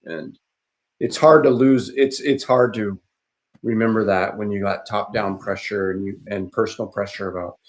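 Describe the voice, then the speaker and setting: A man talking casually on a podcast, rambling with frequent restarts and fillers, and turning animated when he mimics other people. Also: fairly low pitch, normal speed. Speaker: podcast speaker. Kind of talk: casual conversational podcast talk.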